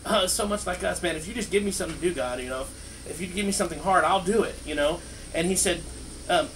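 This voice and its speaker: Pastor teaching casually outdoors, slightly distant. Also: male voice, high-pitched, fast, a bit bright. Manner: conversational, many fillers and restarts. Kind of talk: informal Bible teaching. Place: outdoors by a street. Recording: distant mic, faint outdoor noise.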